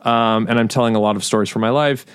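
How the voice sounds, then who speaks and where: A man in his thirties speaking as a guest, easygoing and halting, often restarting his sentences. His voice is smooth and resonant, recorded dry and close. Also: lowish voice, fairly even intonation, dry recording. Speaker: guest, writer. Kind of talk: casual chat.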